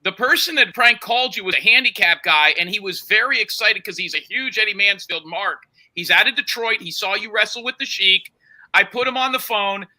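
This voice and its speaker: A man's voice: high voice, fairly quick, bright, forceful tone. A man hosting a podcast, pushing his side of a story during a heated argument and talking over the others. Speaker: podcast host.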